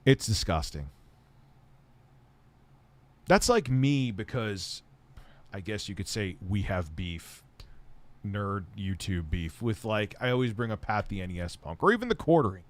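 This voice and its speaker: A man's voice: fairly low pitch, sing-song, a little slow, long pauses. A man answering viewer questions on a casual live stream, blunt and rambling, often heated and swearing.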